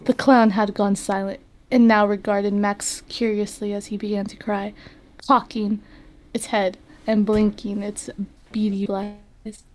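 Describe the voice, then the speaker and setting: A woman reads fan fiction aloud on a live stream, dramatic one moment and giggling at her own stumbles the next. She has a medium-pitched voice and keeps a light, teasing tone throughout. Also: little pitch movement, a little slow. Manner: giggly, stumbles over words. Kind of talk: comic dramatic reading.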